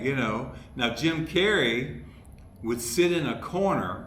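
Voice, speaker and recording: A male comedy writer from Ohio guests on a podcast, animatedly telling stories and doing the voices of the people he quotes in casual chat. His medium-pitched voice moves slowly, and the room is echoey with faint hiss.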